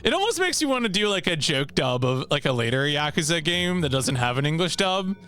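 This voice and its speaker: A man streaming a video game, chatting casually with viewers in an animated way and laughing often. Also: fairly high pitch, brisk, faint music behind.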